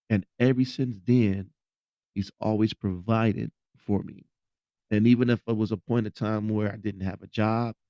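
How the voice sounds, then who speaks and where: Earnest low-voiced man telling a testimony. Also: mellow, no room sound, muffled recording. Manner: earnest storytelling, repeats phrases. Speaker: podcast host. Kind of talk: personal testimony, casual.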